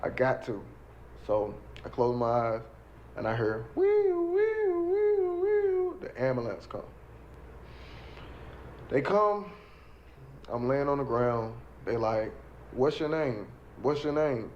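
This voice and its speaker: A man's voice: mid-range voice, slow, pauses often, highs cut off, slight background noise. A man telling his own story in casual talk, acting out what others said and repeating lines for emphasis. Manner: animated, acts out quoted voices, repeats phrases for emphasis.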